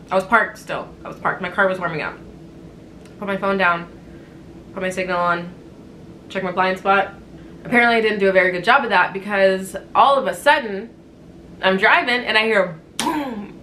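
A woman's voice: mid-range voice, sharp tone, slight background noise, poor audio. Candid swearing woman in her twenties. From Canada. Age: 20s. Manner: candid, swears freely, rambling with fillers. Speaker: vlogger. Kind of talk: casual storytime vlog. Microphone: compact camera on-board mic.

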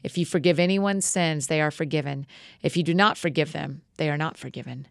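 A woman reading the words of Jesus as a gentle, calm male teacher in a measured way. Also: sits low, gravelly, dry recording, clean studio sound.

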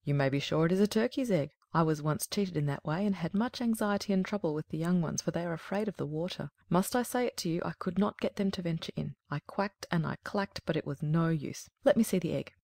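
A woman voicing an old female duck who gives knowing advice in a lower, softer voice. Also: brisk, creaky, few pauses, no echo. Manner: low, knowing, advice-giving.

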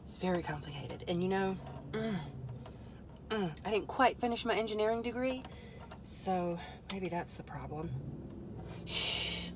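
A woman's voice: medium pitch, lively intonation, a little slow, long pauses, noisy background. A woman hosting a casual product-testing live stream from a parked car, rambling through joking asides to her viewers and muttering under her breath as she fiddles with the product. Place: parked car in a store parking lot.

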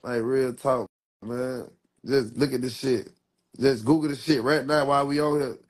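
A man's voice: mid-range voice, little pitch movement, moderate pace. Young male rapper on a live stream, loose and rambling, heavy street slang, mid-range voice. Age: 20s. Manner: rambling street slang, repeats "real talk". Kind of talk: casual livestream talk.

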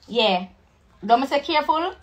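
A young woman with a Jamaican accent, livestreaming a rambling, preachy sales pitch for her network marketing business. She repeats herself and slips into patois. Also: expressive, a little slow, lo-fi sound, background noise. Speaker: live streamer promoting a network marketing business. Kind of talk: casual live-stream sales pitch.

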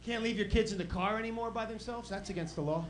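A man doing a stand-up comedy set in a club, animated and swinging between loud and soft. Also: high-pitched, fast talker, a crowd in the background. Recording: noisy live club recording. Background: audience laughter.

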